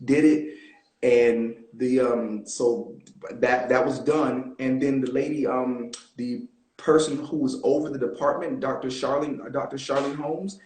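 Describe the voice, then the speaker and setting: Man, mid voice, relaxed animated interview guest, roomy video-call sound. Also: medium pitch, unhurried. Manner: relaxed, animated storytelling with fillers. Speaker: guest actor. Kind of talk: casual interview storytelling.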